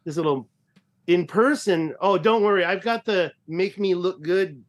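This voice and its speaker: A man in his fifties with a slightly raised pitch, talking loosely as a podcast guest. He rambles and jokes at his own expense, restarting sentences as he goes. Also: a little slow. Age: 50s. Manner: joking, rambling, self-deprecating. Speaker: guest explorer and researcher. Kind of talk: casual podcast chat.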